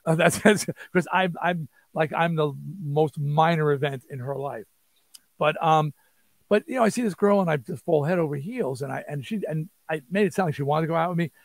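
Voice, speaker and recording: A man, telling an animated, rambling story as an interview guest and acting out quotes. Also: on the high side, a little fast, no echo. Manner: rambling, restarts, acts out quotes. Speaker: interview guest, rock singer.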